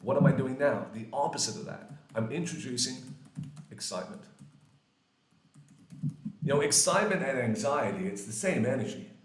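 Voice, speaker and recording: A man in his forties teaching English grammar in a casual, lively way, swearing freely and acting out little quoted exchanges. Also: medium pitch, normal speed, long pauses. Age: 40s. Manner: lively, swears often, acts out quoted voices. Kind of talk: casual classroom explanation. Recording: echoey room.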